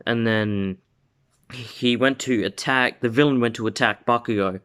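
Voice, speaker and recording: Slow, rambling male storyteller. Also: medium pitch, steady tone, a bit bright, clean tone. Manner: rambling, full of "like" and restarts. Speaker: video host. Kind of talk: casual fan-story retelling.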